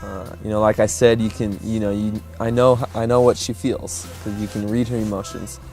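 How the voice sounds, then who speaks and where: Lower-voiced, easygoing young man. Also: little pitch movement, normal speed. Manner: easygoing, chuckling, many fillers. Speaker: groom-to-be telling his love story. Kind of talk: casual interview storytelling. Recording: soft music underneath.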